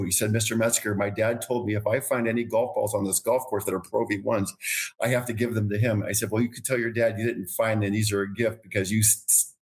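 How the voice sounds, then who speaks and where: A man, a podcast guest, telling long casual anecdotes with many restarts and repeated words. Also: lowish voice. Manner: rambling anecdotes with frequent restarts. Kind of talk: casual storytelling.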